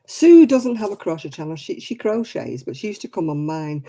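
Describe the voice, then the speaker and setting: A woman with a Lancashire accent chats on her live crafting stream, answering viewers as she works. Her voice is mellow and warm. She laughs easily and keeps the talk relaxed. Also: sits low, normal speed. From Oldham, England. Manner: chatty, answers viewer comments, laughs often. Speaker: crochet vlogger. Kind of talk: casual live-stream chat while crafting.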